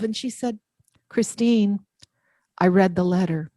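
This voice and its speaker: Animated woman storyteller, dry sound. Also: medium pitch, measured pace, long pauses, no room sound. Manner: animated, enthusiastic storyteller acting out dialogue. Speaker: author and letter writer, guest. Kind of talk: interview storytelling.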